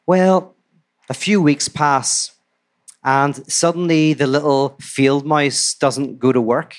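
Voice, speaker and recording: A man telling a fairy tale to a live audience in a relaxed, conversational way with asides. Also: a little high, slow pace. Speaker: storyteller. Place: live talk before an audience.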